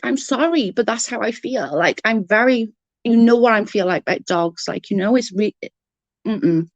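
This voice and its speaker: A woman's voice: on the high side, expressive, normal speed, no echo, highs cut off. A woman on a casual livestream, ranting in exasperation, swearing freely and answering chat comments. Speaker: live streamer reading chat comments.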